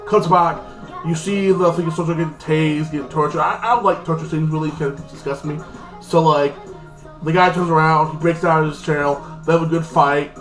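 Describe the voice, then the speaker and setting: A man's voice: fairly high pitch, steady tone, fairly quick, fairly bright tone. A man giving a casual, rambling recap of a TV episode, filling his talk with constant "like". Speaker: TV episode reviewer. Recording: echoey room with faint music.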